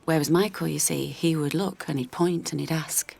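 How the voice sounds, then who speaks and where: An actress playing a worn-down, loving mother of an autistic boy, speaking in a halting, confessional way that often drops to a near whisper. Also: low voice, vocal fry, a little mellow, full character voice. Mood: reflective. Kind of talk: radio drama monologue.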